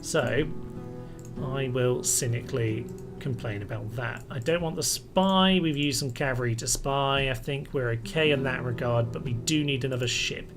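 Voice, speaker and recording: A man giving casual, wry commentary as he plays a strategy game, thinking aloud and mildly exasperated by setbacks. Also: normal speed. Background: faint music and air conditioner rumble.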